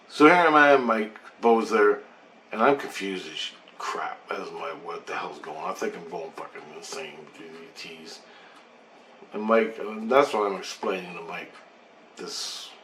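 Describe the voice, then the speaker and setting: A man's voice: on the low side, a bit bright. Rambling man in an echoey room. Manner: rambling, loose and profane, with frequent asides. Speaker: vlogger telling a personal story. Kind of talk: casual storytelling. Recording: roomy echo, faint background hum.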